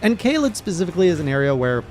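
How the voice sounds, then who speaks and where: A man, a gaming streamer, recapping his playthrough in casual narration with animated, excited reactions. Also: fairly high pitch, rapid-fire, slight background noise.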